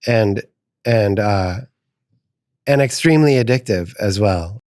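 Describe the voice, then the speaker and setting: A middle-aged man, a musician guest, talking slowly and reflectively, often stopping to search for words. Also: fairly low pitch, a little mellow, no room sound, studio quality. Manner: slow, halting, searching for words. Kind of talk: reflective conversation.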